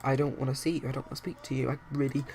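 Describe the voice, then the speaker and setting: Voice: medium pitch, little pitch movement, very fast, a little mellow, a little hiss or hum, close to an everyday voice. A player voicing an upset young man who argues with his parents. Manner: pleading and upset.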